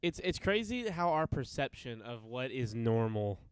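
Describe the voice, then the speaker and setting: A young man chatting on a podcast as its host, teasing his co-host with dry sarcasm and plenty of swearing. His voice is smooth and resonant, sitting at an ordinary pitch. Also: sing-song, moderate pace, no echo. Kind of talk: casual chat.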